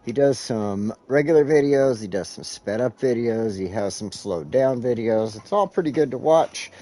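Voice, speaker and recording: A man's voice: medium pitch, animated, normal speed, warm tone. A man hosting a casual live game stream, rambling and swearing as he talks to his chat while clicking through menus. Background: faint background music.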